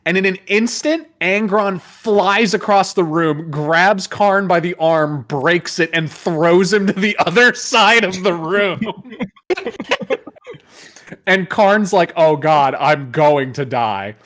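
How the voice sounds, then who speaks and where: A man hosting a casual chat, retelling lore in an animated, profane way and laughing often. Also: high-pitched, takes it slowly. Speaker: host.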